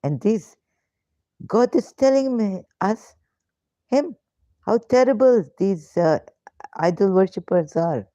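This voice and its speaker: A woman's voice: medium pitch, takes it slowly, pauses often, mellow, no room sound. A woman hosting a live question-and-answer talk, emphatic and indignant, piling up rhetorical questions with hesitant fillers and broken grammar, on dull lo-fi stream audio. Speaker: ex-Muslim question-and-answer host.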